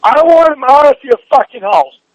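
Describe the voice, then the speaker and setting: A man shouting in a heated private argument, furious and swearing nonstop, his voice sore and strained. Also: very high-pitched, lively intonation, moderate pace, dry recording, muffled recording.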